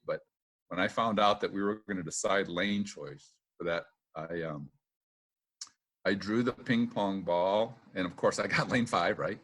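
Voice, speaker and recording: Middle-aged man telling racing stories. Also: low-pitched. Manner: lively anecdotes, acts out quotes, laughs often; filler-heavy with "uh" and "um". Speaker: retired boat racer, guest. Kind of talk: casual storytelling interview.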